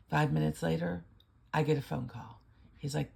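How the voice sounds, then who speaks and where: A woman's voice: deep voice, steady tone, moderate pace, darkish tone. An older woman hosting a casual lottery-ticket vlog, chatting and rambling through a story. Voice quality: gravelly, husky voice.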